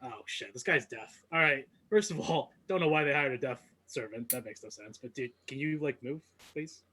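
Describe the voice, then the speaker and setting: A man's voice: mid-range voice, normal speed, pushed and bright, breathy edge. A man voicing a smug, arrogant male mercenary in a tabletop game, talking down to others. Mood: dismissive. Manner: condescending, smug.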